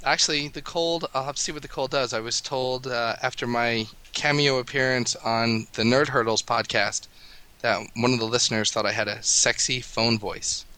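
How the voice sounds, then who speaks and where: American man with a gravelly cold-voice. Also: medium pitch, fairly even intonation, moderate pace, sharp tone, low-quality recording. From United States. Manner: rambling, chatty storyteller. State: has a cold, gravelly voice cracks. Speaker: podcast co-host. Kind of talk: casual podcast chat.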